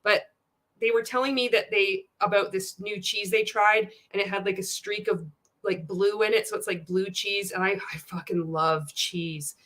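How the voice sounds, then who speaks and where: A woman's voice: mid-range voice, normal speed. A woman hosting a casual livestream, reading chat comments aloud and mocking a coach, swearing freely and laughing often. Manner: profane, laughing often, animated and teasing.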